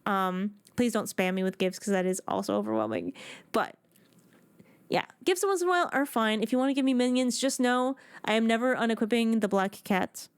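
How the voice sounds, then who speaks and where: A woman in her thirties chatting casually with viewers on a live game stream, excitable and prone to restarting her sentences. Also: on the high side, brisk, clean tone, no room sound.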